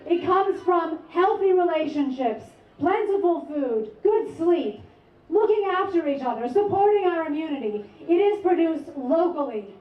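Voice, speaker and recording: A woman professor born abroad giving a measured, articulate speech to a rally crowd. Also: very high-pitched, animated. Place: outdoor rally over loudspeakers. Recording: echoey distant lo-fi rally sound.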